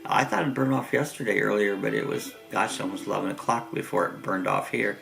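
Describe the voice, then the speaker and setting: A middle-aged man with a Southern Ohio accent talks in a low, gravelly voice, rambling in an easygoing way and chuckling often. His chest cold leaves him congested. Soft music plays faintly behind him. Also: a little fast, rough recording. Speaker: host. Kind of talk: casual morning chat.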